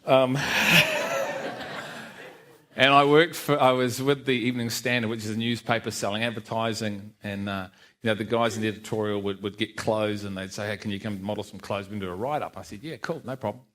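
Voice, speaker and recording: A man's voice: on the low side, steady tone, normal speed, a bit bright. Self-deprecating middle-aged New man. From New Zealand. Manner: self-deprecating storyteller, laughs often, acts out quoted dialogue. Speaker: church speaker giving testimony. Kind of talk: personal testimony in church. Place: church service.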